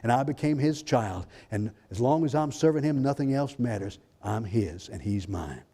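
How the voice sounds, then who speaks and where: A male pastor preaching a fervent sermon, swinging between loud exclamations and hushed, intimate lines. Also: mid-range voice, expressive, moderate pace. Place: church sanctuary. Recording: long hall reverb in a church.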